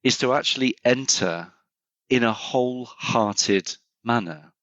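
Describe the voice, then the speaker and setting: A man's voice: medium pitch, takes it slowly, fairly bright tone, no echo. A middle-aged man, a consultant guest on a podcast, telling stories and thinking aloud with many restarts. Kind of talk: conversational podcast interview. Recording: slightly muffled, dry sound.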